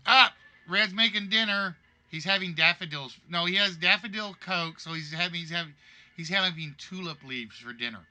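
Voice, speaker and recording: A man's voice: high voice, normal speed, sharp tone. A man hosting a live-streamed game show, chatty and joking as he reads out players' guesses.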